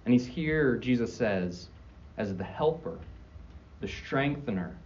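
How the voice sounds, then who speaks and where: A man preaching a sermon, earnest and emphatic, slowing down and repeating key phrases. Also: medium pitch, expressive, a little mellow. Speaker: pastor. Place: church sanctuary. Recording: dull, distant mic with faint room noise.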